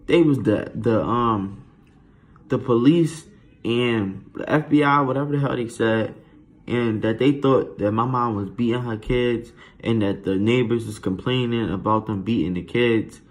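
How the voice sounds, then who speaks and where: A man telling a childhood story in a casual, slangy, animated way. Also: mid-range voice, a little slow.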